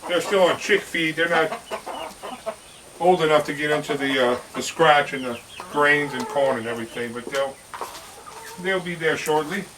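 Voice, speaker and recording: A man giving a relaxed, chatty walk-through of his farm, talking fondly to his chickens as he feeds them. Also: on the high side, moderate pace, long pauses, noisy background. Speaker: homesteader showing his farm. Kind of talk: casual walk-through vlog. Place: outdoors on a farm, in and around a chicken coop. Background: chickens clucking and a rooster.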